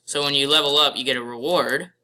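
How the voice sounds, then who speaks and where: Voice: medium pitch, fairly even intonation, quick pace, pushed and bright. A gamer giving playful live commentary over their gameplay and calling out at the game.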